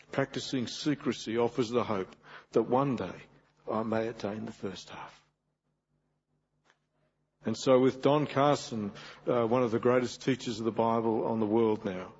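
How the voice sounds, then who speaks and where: A man's voice: medium pitch, normal speed, a little mellow, husky. A man preaching a sermon, mixing self-deprecating humor with earnest exhortation. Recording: dull lo-fi sermon recording.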